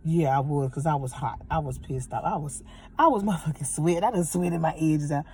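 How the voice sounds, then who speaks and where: A woman's voice: low voice, brisk. A woman in her thirties ranting in a heated, profane storytime from her parked car. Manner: heated, profane, animated retelling. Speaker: vlogger telling a story. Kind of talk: angry storytime rant.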